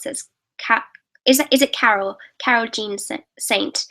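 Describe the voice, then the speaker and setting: A teenage girl with a fairly high voice runs a casual live stream, answering viewers' questions. She talks eagerly and chattily and often trips over and restarts her sentences. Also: unhurried, a bit bright, low-quality recording. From England. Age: late teens. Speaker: YouTuber hosting a live Q&A.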